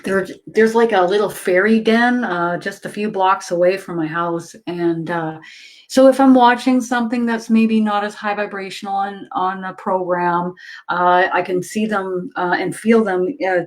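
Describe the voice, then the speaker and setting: A woman's voice: mid-range voice, steady tone, normal speed. Enthusiastic woman medium hosting a chat. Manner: enthusiastic, laughs often. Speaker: medium and host. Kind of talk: casual spiritual chat.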